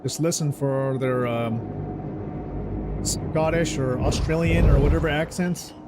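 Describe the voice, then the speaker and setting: A man's voice: fairly high pitch, steady tone, unhurried, heavy background noise. A man streaming a game, talking casually and rambling, often correcting himself mid-sentence. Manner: rambling, self-correcting, easygoing. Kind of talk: casual gameplay commentary. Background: game music.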